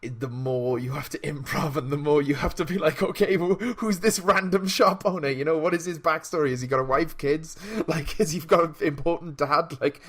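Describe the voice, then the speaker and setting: His voice sits fairly high and runs a little fast, with few pauses. He's a podcast co-host in casual conversation, laughing a lot while telling animated stories.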